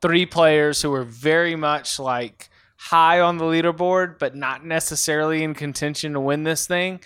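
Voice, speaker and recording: A man's voice: a little high, moderate pace, fairly bright tone, clean tone, no echo. A man co-hosting a casual sports podcast, making dry joking asides. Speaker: podcast co-host.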